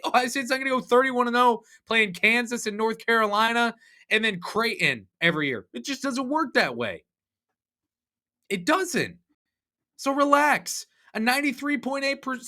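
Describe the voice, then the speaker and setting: A young man hosting a sports podcast, ranting in an animated, sarcastic, exasperated way. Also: high voice. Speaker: podcast host. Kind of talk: opinionated sports podcast rant.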